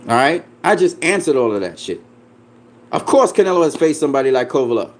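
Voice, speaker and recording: A man on a fired-up rant, cursing freely and brushing off every argument with scorn. His voice sits in an ordinary middle pitch, and he keeps hammering the same points with mocking laughs. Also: big pitch swings, fairly quick. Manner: profane, combative, dismissive; repeats himself, laughs mockingly. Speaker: boxing commentator. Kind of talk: ranting reaction video.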